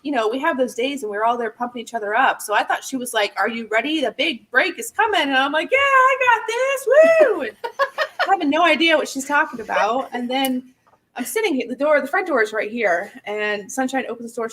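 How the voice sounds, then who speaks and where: A woman hosting a casual live chat, telling a story in an animated way and acting out the voices of the people in it. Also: on the high side. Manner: animated, acts out quoted voices. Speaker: host. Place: home in the country.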